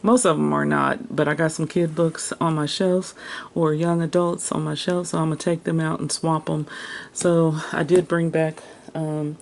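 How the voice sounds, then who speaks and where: A woman's voice: sits low, little pitch movement, normal speed, gravelly, darkish tone. A woman chatting casually to her viewers as she rummages through her sewing room, laughing often and talking to herself. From United States. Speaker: crafter and vlogger.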